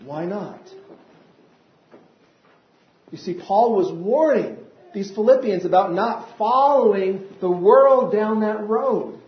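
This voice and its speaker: A man's voice: high-pitched, measured pace. A man preaching a sermon as pastor, building emphasis and asking his listeners repeated rhetorical questions. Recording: roomy, dull lo-fi church recording.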